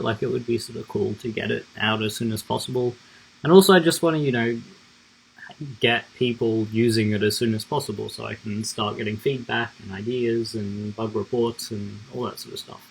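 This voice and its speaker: A man's voice: lowish voice, vocal fry, breathy edge, poor audio. A man streaming himself coding live, thinking aloud in a rambling, casual way with lots of fillers.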